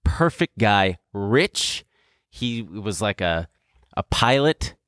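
A young man chats through a long personal tale, rambling and swearing with bursts of laughter. His voice sits on the low side. The sound is dry and close, with no room echo. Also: sing-song, slow pace, a bit bright. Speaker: podcast co-host. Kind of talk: casual storytelling chat.

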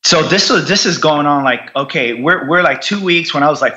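A man's voice: mid-range voice, normal speed, pushed and bright, highs cut off. A man telling his story as a podcast guest, raw, blunt and heavily profane. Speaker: podcast guest, combat veteran. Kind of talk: candid interview storytelling.

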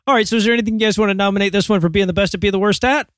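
A man's voice: high voice, racing, fairly bright tone, dry recording, studio quality. A man co-hosting a comedy podcast, steering the casual chat and swearing freely. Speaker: podcast co-host.

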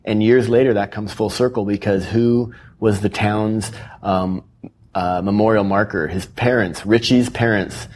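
A man with a low voice tells stories earnestly as an author guest in an interview. He often quotes the people in his stories. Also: fairly even intonation, a little slow, a little mellow. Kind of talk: animated storytelling interview.

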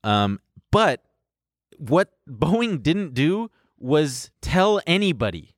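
A man's voice: fairly high pitch, big pitch swings, slow, no echo. Male podcast co-host, casual, swears freely, dry close sound. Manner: explains at length with profane asides. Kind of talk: casual chat.

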